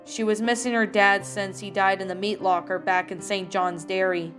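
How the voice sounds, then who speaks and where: A woman reading her own fan fiction aloud, steady with small self-corrections. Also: medium pitch, normal speed. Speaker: fan fiction author and reader. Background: faint music.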